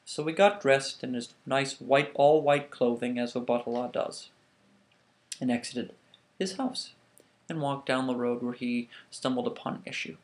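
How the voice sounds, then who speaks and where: A man casually telling a myth to the camera, animated, with frequent restarts. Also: medium pitch, measured pace. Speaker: vlogger. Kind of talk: casual storytelling.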